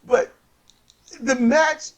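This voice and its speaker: A man casually recapping wrestling matches as a co-host, telling it in an animated way and acting out the wrestlers. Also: drawn-out words. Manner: animated storyteller, acts out wrestlers in high voices.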